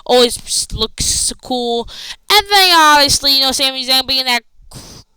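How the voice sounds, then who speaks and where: Woman, high voice, bright, excitable, rambling recap, dry close sound. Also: moderate pace, smooth, no echo, rough recording. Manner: excitable, rambling with fillers and restarts, quoting wrestlers with raised voice. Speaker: wrestling show reviewer. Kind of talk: casual recap chat.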